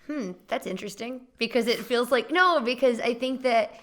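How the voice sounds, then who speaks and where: A woman's voice: fairly high pitch, normal speed, a bit bright. A young woman co-hosting a candid chat, thinking aloud and asking probing questions. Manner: reflective, probing questions, many restarts. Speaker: co-host.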